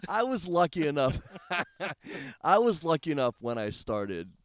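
A man's voice: on the high side, big pitch swings, a little slow, no room sound. A man hosting a casual wrestling podcast who laughs often and explains things for listeners. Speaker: podcast host, wrestling manager.

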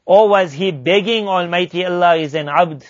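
A man giving a religious lesson, chanting verses rapidly and then explaining them slowly. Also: high-pitched, no room sound. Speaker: Islamic teacher. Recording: dull lo-fi recording, dry.

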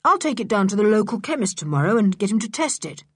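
A cool-headed eldest boy from a children's storybook, calm and dryly mocking with lively pitch, voiced by a woman reader. Slightly breathy and recorded close and dry. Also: fast, no room sound.

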